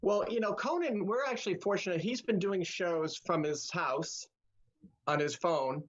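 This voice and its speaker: A man, a comedy writer, talking haltingly and laughing easily in a casual video-call chat. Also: sits high. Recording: dull lo-fi video call audio.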